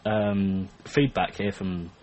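A man's voice: deep voice, steady tone, slow, dull audio, crowd noise. A man co-hosting a podcast, chatting in a joking, self-mocking way with hesitant fillers. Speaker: podcast co-host. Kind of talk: casual chat.

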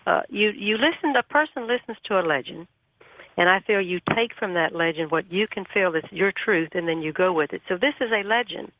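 Animated woman storyteller on a phone line. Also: medium pitch, fairly quick. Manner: folksy, animated retelling with nonstandard grammar. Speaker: radio show guest. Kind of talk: storytelling on a call-in interview. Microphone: telephone.

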